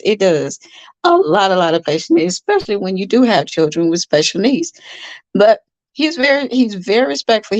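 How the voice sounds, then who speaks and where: A woman's voice: medium pitch, dry recording, poor audio. A woman hosting a casual livestream, chatting earnestly about foster parenting and reading out viewer comments, often repeating herself for emphasis.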